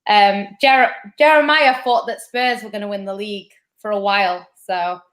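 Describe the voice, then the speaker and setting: A woman in a casual chat, speaking in a measured, thoughtful way with frequent hesitations. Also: mid-range voice, steady tone, fairly bright tone.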